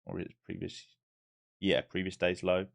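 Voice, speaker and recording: A man's voice: low voice, completely flat delivery, normal speed, gravelly. A man giving live commentary to viewers as he trades, blunt and profane as he thinks aloud over the charts. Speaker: live-streaming day trader.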